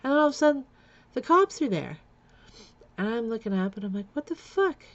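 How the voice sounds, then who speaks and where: A middle-aged woman speaks in a gravelly voice with some vocal fry. She recounts her own past candidly and bluntly, breaking into laughter between lines. The recording is a little dull and lo-fi. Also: fairly high pitch, expressive, fairly quick. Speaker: vlogger. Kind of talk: personal storytelling vlog.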